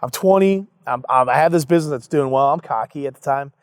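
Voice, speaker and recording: A young adult man, a business founder, telling a story casually in an interview, animated and full of fillers and acted-out quotes. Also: medium pitch, quick pace, no echo, studio quality.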